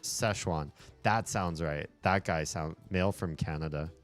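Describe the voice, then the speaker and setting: Male streamer, deep low voice, loose and chatty, quick to laugh and curse; light music under him. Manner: animated, chatty, frequent laughter and swearing. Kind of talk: casual livestream chat.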